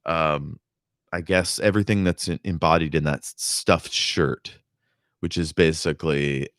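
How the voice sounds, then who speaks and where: A man's voice: a bass voice, steady tone, a little slow, fairly bright tone, no room sound, clean studio sound. A man giving casual, rambling commentary on a book, swearing freely. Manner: rambling, profane, full of fillers and restarts. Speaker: reader and commentator.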